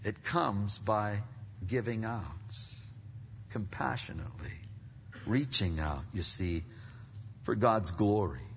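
A man preaching a sermon as pastor, animated and swinging from quiet asides to loud climaxes. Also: on the low side, a little hiss or hum. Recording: long reverb, dull lo-fi sound.

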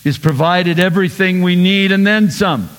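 A male pastor preaching a sermon, animated, swinging between loud bursts and soft asides. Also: high voice, moderate pace, in a large hall.

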